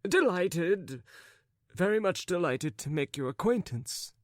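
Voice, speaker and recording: A man's voice: high-pitched, big pitch swings, unhurried, no room sound, clean studio sound, voice pushed up. A man voicing a flustered, over-polite jealous husband.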